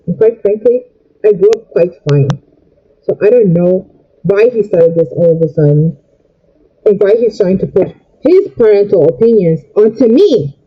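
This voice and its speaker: A woman's voice: medium pitch, expressive, moderate pace, slightly rough, muffled recording. A young woman venting in an upset, rambling way while she does her makeup for a vlog. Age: young adult. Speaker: vlogger. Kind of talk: get-ready-with-me rant while doing makeup.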